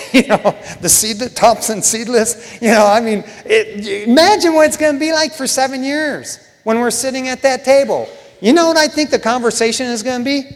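A man preaching a sermon in a casual, joking way, often saying "man", swinging between hushed asides and loud bursts. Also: very high voice, moderate pace. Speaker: pastor. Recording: long hall reverb.

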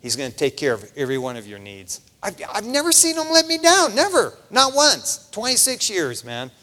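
This middle-aged man's voice sits high as he preaches at a normal speed, loose and conversational, with "man" dropped frequently into his lines. He's a pastor, animated in delivery, and a large hall's long reverb surrounds him.

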